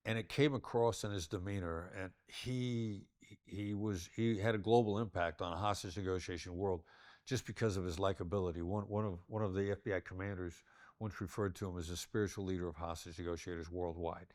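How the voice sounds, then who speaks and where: A man's voice: sits low, fairly even intonation, fairly quick, a little mellow, no room sound, studio quality. An older man, a negotiation expert giving an interview, who talks in a demonstrative way and shifts his tone to illustrate his points. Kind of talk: interview conversation.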